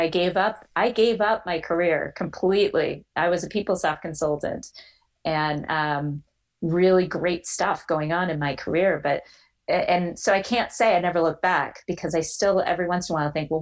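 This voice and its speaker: Animated woman telling a personal story. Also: fairly low pitch, poor audio. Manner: animated storyteller, acts out quoted voices. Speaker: guest.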